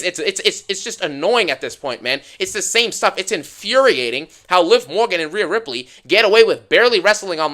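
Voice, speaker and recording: A man's voice: sits high, sharp tone. A young man ranting sarcastically to his viewers, exasperated and mocking the people he recaps in funny voices. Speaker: wrestling commentator ranting to viewers.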